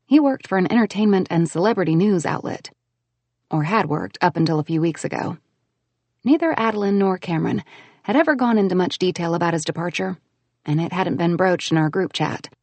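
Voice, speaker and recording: A woman narrating an audiobook in a lively, expressive way. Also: on the low side, fairly quick, no echo. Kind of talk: scripted narration.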